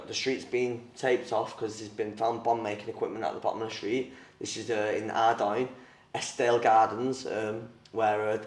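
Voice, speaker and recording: A young man, a former boxer, telling his story in an interview, blunt and rambling, with plenty of swearing and fillers. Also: lowish voice. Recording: roomy, mic at a distance.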